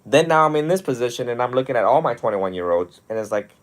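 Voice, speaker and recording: A young adult man, a monastic teacher, talking one on one in a lively storytelling way with frequent laughs. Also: medium pitch, a little fast. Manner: animated storytelling, often laughing. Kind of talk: one-on-one mentoring talk.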